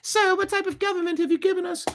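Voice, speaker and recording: A man voicing a colonial townswoman with a put-on British accent in a shrill falsetto. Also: flat delivery, fast, a bit bright, slight background noise. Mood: inquisitive. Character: high-voiced British colonial townswoman questioning.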